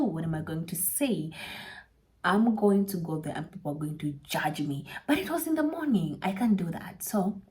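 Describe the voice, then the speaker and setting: A young woman casually telling a personal story to her channel, chatty, sometimes dropping into soft whispers for emphasis. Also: fairly low pitch.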